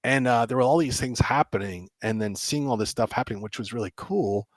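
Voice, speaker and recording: Excitable man telling a lively story. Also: mid-range voice, brisk, no echo. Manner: excitable, acts out reactions, laughs often. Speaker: guest game developer. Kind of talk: animated storytelling.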